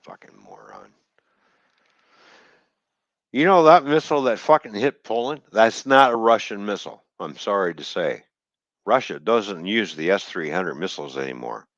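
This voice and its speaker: Stream host, deep male voice, bitter profane rant, dry and muffled recording. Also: animated, normal speed, a bit bright, no echo. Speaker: livestream host. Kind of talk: angry livestream rant.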